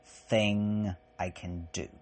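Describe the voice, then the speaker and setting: A man delivering a personal spoken essay as a podcast host, halting and raw, with long pauses and swearing. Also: fairly low pitch, little pitch movement. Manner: raw and profane.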